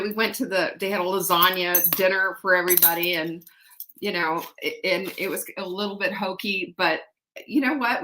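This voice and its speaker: A woman's voice: mid-range voice, fairly bright tone. A middle-aged woman hosting a live show, upbeat and emphatic, repeating phrases as she coaches her viewers, slightly out of breath after a workout. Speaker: show host and life coach. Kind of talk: live-stream chat and motivational talk.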